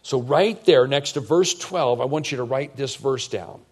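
A man preaching a sermon in an animated, conversational way, full of rhetorical questions. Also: mid-range voice, unhurried, husky. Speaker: pastor.

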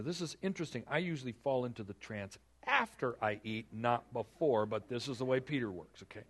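Animated male preacher with lively pitch. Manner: animated, conversational preaching that acts out biblical dialogue. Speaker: pastor. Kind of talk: sermon.

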